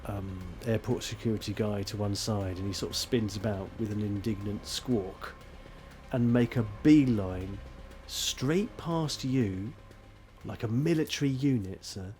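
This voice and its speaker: A man running a tabletop role-playing game as game master, narrating scenes in a rambling, animated, self-mocking way. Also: on the low side, a little slow, soft background music.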